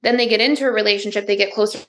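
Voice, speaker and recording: A woman therapist, a guest on a podcast, explains ideas fluently in explanatory interview talk, using everyday examples and saying "like" a lot. Her medium-pitched voice is steady and fairly bright, and she speaks very fast.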